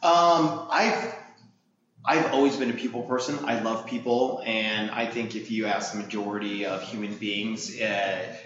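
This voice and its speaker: A man co-hosting a podcast, telling a story in an energetic, coach-like way. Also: on the low side, a little slow, a little hiss or hum. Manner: energetic, coach-like, swings loud when excited. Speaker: podcast co-host. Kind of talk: animated storytelling. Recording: echoey room, dull lo-fi sound.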